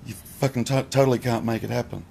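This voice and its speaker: Gravelly blunt-talking man. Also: mid-range voice, fairly even intonation, fast, a little mellow, a little hiss or hum. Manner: blunt, swears freely, questioning. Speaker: nonduality teacher. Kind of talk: casual spiritual talk.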